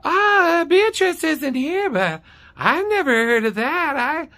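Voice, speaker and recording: A shrill, squeaky office clerk woman, whiny and dismissive, stumbling over her words. She speaks in a pinched, piercing tone that rises and wavers. The voice is bright and tense. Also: animated, takes it slowly, vocal fry, heavily acted. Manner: squeaky, whiny, flustered, stammering.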